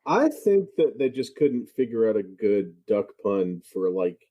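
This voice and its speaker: A man's voice: lowish voice, big pitch swings, a little slow, mellow. A man co-hosting a casual podcast chat, who explains things and adds dry, wry jokes. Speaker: podcast co-host.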